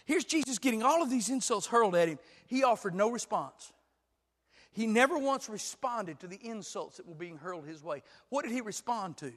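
A pastor with a very high, bright, forceful voice delivers a sermon. He moves from calm storytelling to shouted, climactic preaching. His voice rings out with a long hall reverb. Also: moderate pace. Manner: builds from quiet storytelling to loud shouted preaching.

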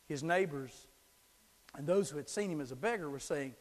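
A man preaching a sermon, swinging from shouting to hushed tones. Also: on the high side, normal speed, big-room sound. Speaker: pastor. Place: church sanctuary.

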